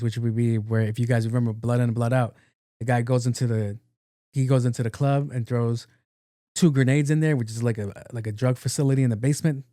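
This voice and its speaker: Dude hosting a podcast, slangy and sweary, telling a story, mid pitch, dead dry audio. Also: male voice, warm tone, no room sound. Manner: loose, slangy, profane retelling. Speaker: podcast host. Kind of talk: casual film recap storytelling.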